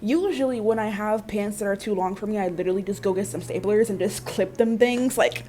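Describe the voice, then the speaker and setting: A young woman telling viewers about her week in a casual, animated vlog, with playful asides and questions to the audience. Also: mid-range voice, fairly quick, slight background noise. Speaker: vlogger.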